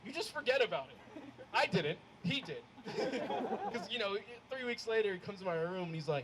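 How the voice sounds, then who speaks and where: High-voiced man doing lively stand-up. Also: normal speed. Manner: animated, acts out family quarrels with big swings. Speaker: stand-up comedian. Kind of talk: stand-up comedy set. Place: live comedy show before an audience. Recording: crowd laughter over a noisy live room.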